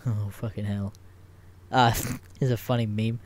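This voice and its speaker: A man's voice: lowish voice, fairly even intonation, a little slow, darkish tone. A young man hosting a casual podcast chat, rambling through stories with lots of fillers and swearing. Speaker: podcast host.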